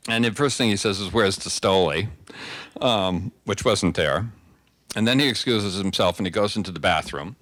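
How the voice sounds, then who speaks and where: A man's voice: on the low side, moderate pace, a bit bright, no echo. An older man telling stories as a guest speaker, chatty and conversational, often restarting his sentences. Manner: conversational storyteller, frequent restarts. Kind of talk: anecdotal talk.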